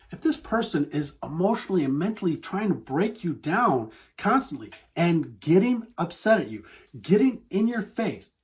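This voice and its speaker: A man's voice: on the high side, darkish tone. A man hosting a dating advice talk, speaking earnestly and emphatically straight to the listener. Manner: earnest, emphatic and repetitive, addressing the listener as "you". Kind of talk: direct-to-camera advice talk.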